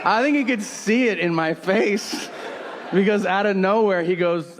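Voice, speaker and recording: A man's voice: sits high, unhurried. A man doing stand-up comedy, telling a story with incredulous delivery and acting out both sides of the dialogue. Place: live comedy venue with audience. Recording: live show with audience noise.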